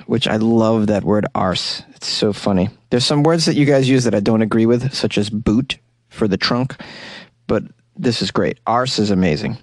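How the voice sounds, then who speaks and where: A man's voice: fairly low pitch, moderate pace, dry recording. Give me a jokey man riffing on the news for his podcast, close and dry. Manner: jokey, animated, laughs at own jokes. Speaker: podcast host. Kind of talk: comedic news commentary.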